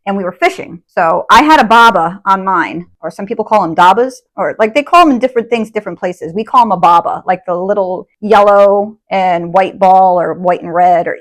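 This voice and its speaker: A young adult woman telling stories to camera at home, rambling with lots of fillers and getting animated over old memories. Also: medium pitch. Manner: rambling, lots of fillers like "like" and "you know what I mean"; chatty, animated when retelling memories. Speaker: witchcraft content creator. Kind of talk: casual storytelling to camera. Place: at home by an open window.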